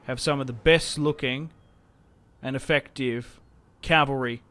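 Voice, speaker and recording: A man's voice: mid-range voice, steady tone, a little slow, sharp tone. Chatty man narrating strategy gameplay. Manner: chatty, joking, self-interrupting. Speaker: gaming channel host. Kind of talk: casual gameplay commentary.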